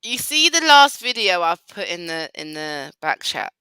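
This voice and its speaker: A woman with a bright, tense tone and a very lively pitch, recorded dry and close. She chats bluntly and playfully. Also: a little slow, clean tone, no room sound, low-quality recording. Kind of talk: casual chat.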